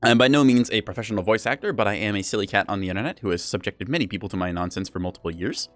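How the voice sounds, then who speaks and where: A man's voice: on the low side, racing, dry recording, soft background music. A man streaming a game live, chatting casually and playfully with his chat in a rambling, self-mocking way. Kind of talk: casual live gameplay commentary.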